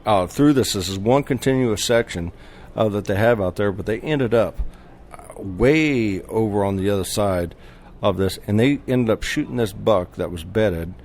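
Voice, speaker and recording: A man with a fairly low voice talks casually as a podcast guest. He tells his story with animation and frequent laughter, restarting sentences and voicing the people in it. A faint hiss sits under his voice. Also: normal speed, hardly any pauses, a little mellow. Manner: acts out quoted dialogue.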